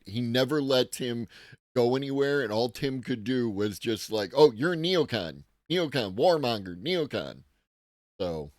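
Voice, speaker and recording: A man's voice: mid-range voice, no echo, studio quality. A man hosting a live tech-news commentary stream, talking casually and profanely with a rambling manner while greeting chat viewers.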